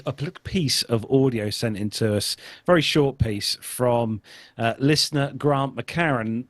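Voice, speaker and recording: A man's voice: mid-range voice, dry recording. Easygoing male podcast host, dry sound. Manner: easygoing, linking segments. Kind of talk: hosting a podcast.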